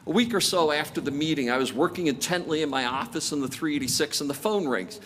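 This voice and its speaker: A man's voice: a little high, quick pace, fairly bright tone, slight background noise. A man in his sixties giving a commencement address, telling stories with self-deprecating jokes. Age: 60s. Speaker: commencement speaker. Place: large outdoor graduation ceremony.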